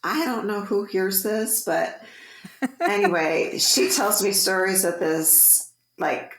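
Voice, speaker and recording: A woman in her forties, co-hosting a podcast, telling stories in casual, animated chat. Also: mid-range voice, takes it slowly, echoey room. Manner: chatty, animated storyteller. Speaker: podcast co-host.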